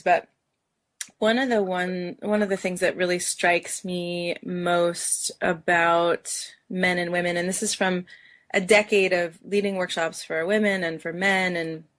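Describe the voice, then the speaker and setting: A woman who leads workshops, speaking as a podcast guest in an animated, open way and laughing easily. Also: fairly low pitch. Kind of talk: casual podcast conversation.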